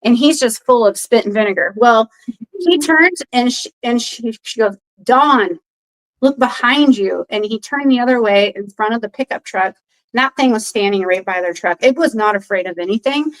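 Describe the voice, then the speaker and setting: A woman with a fairly high voice tells a long story in relaxed conversation. She rambles and fills gaps with ums and you-knows. She brings the people in her story to life by voicing their quoted lines. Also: fairly quick, rough recording. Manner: animated retelling, acts out others' quoted lines; rambling with frequent fillers. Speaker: podcast guest. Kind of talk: casual storytelling.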